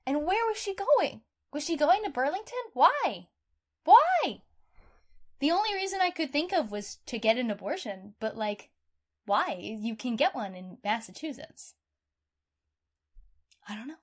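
A woman's voice: sits high, moderate pace. Outspoken woman podcast host. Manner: expressive, outspoken, swears casually. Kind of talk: casual true-crime chat.

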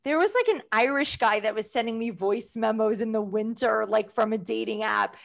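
High, gravelly New York woman. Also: moderate pace. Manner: storytelling, blunt, wry. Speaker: guest. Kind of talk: casual chat.

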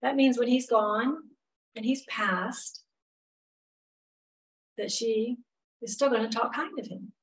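With long pauses and a slow pace, a middle-aged woman on the higher side of pitch teaches a women's Bible study. She's chatty and frank, sprinkling in "you know" asides, and her voice sounds a bit distant from the mic.

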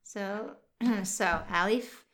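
A middle-aged woman talks in a relaxed, casual way with her daughter. Her pace is slow and deliberate, and she sounds out each tricky word with care. Her voice sits at an ordinary pitch. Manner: careful, sounding out words slowly. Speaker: host's mother, guest co-reader. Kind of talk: casual chat.

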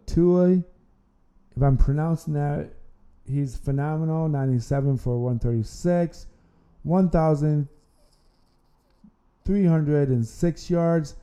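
A man's voice: a little high, dark tone, clear, resonant tone. A man hosting an amateur sports podcast, talking casually and rambling, often repeating words and restarting his sentences. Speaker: podcast host.

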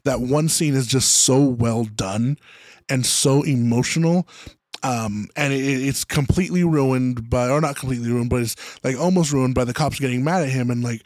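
A man's voice: medium pitch, moderate pace, a little mellow, no echo. A man co-hosting a podcast, chatting casually about a movie into his own microphone, rambling and heavy on fillers. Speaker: podcast co-host. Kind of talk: casual movie recap chat. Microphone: own microphone close by.

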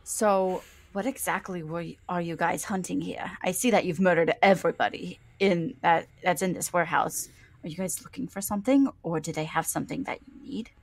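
A woman's voice: fairly low pitch, fairly even intonation, brisk. A woman playing a tabletop game, talking bluntly and casually, often trailing off. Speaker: player. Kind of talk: tabletop role-play.

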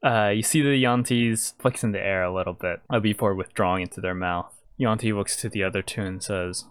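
A man narrating as game master of a tabletop game, in a relaxed and halting way. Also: on the low side, smooth, no echo.

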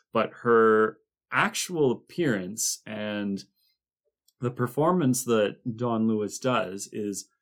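A man co-hosting a podcast, explaining details of a cartoon series in a chatty way, with frequent restarts. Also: fairly low pitch. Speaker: podcast co-host. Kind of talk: casual discussion of a cartoon series.

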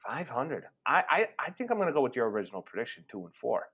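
A man's voice: mid-range voice, sing-song, quick pace, slightly rough, dull audio. A man co-hosting a sports podcast in casual chat, rambling, joking and swearing. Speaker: podcast co-host.

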